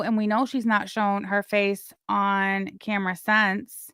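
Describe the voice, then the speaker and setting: A woman hosting a live stream, giving casual gossip commentary in a blunt, crude way with sudden loud, excited bursts. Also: mid-range voice, slow, smooth, dry recording, clean studio sound. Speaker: livestream host.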